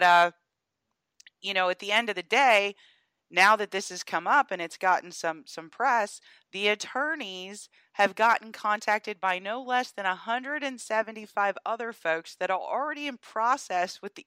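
A woman from Georgia co-hosting a podcast, chatting about the news in an animated way and laughing as she talks. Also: mid-range voice, clear, resonant tone, dry recording. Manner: animated, laughs while talking. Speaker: podcast co-host. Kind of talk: casual political chat.

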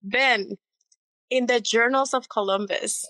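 A woman's voice: a little high, slow pace, sharp tone, dry recording, low-quality recording. A woman from the Caribbean, a city alderwoman, explaining earnestly as a podcast guest. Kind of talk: casual interview talk.

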